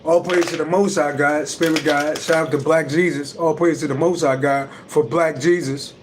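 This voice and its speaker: There's background noise as a man hosting a livestream talks at a moderate pace in a slightly high voice with fairly even intonation. He's an astrology reader, and his casual talk is blunt, emphatic, and heavily profane.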